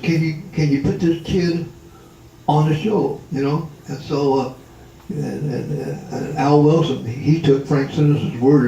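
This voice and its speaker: A man's voice: medium pitch, mellow, lo-fi sound. A man in his eighties telling stories from his life to a gathering at a family reunion, rambling with many restarts and fillers. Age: 80s. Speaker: retired drummer and tap dancer. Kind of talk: storytelling to a live gathering. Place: indoor hall at a family reunion. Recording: roomy echo, distant from the mic, faint background hum.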